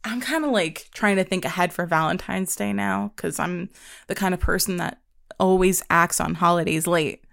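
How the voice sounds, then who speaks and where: A woman co-hosting a podcast, chatting casually and telling animated stories with plenty of swearing. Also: fairly low pitch, normal speed, gravelly, no room sound, studio quality. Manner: animated storyteller, swears freely. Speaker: podcast co-host. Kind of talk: casual chat.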